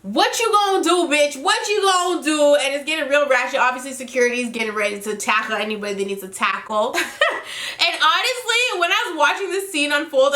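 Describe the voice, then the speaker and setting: Woman with a high, bright voice; animated, profane recap host in an echoey room. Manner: animated, profane, laughing, quoting cast members. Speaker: reality TV recap vlogger. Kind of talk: casual episode recap.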